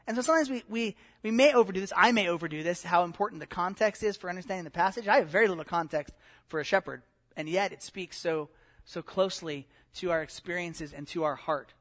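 A man's voice: high voice, brisk, a bit bright. A middle-aged man giving a conversational sermon as a pastor, with many fillers and restarts.

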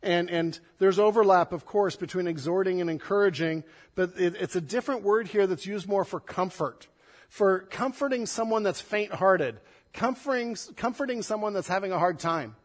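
A man, a pastor, preaching a sermon, swinging between loud emphatic stress and soft, hushed passages. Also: sits high, normal speed, big-room sound.

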